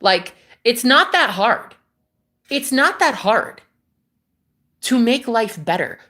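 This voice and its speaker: A woman's voice: fairly high pitch, very animated, slow pace, bright, forceful tone. A young woman from the United States who hosts a livestream, chatting casually to viewers about spirituality and life, meandering, swearing freely and laughing often. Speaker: livestream host.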